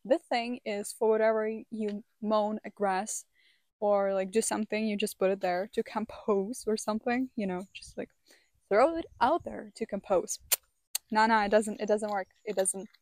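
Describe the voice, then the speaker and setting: A woman's voice: medium pitch, moderate pace, darkish tone, dry recording. Chatty young woman vlogging outdoors. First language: not English. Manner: chatty, exclaims and repeats words. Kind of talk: casual vlog talk to camera. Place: outdoors by a campfire.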